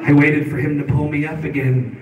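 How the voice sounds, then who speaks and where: A man doing stand-up, telling a story in an animated way and laughing through his own lines at a live venue. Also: on the high side, fairly quick, very noisy. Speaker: stand-up comedian. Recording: echoey room, distant mic, loud clicks.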